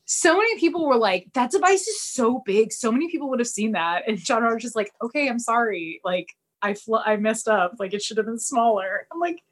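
Animated woman recapping a show. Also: fairly quick, few pauses. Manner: animated, acts out characters' lines with big pitch jumps. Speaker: podcast co-host. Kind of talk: casual chat recapping a TV episode.

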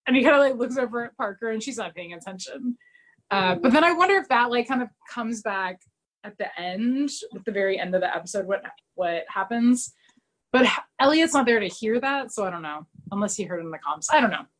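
A woman in casual podcast chat, retelling scenes with lots of fillers and quick quoted voices. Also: a little high, expressive, rough recording. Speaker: podcast co-host recapping a TV episode.

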